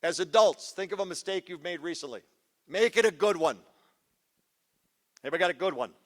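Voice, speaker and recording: A man's voice: high-pitched, lively intonation, fairly quick, fairly bright tone. A man giving a punchy, teasing workshop talk to a live audience of parents, quizzing them as he goes. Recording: live hall with long reverb.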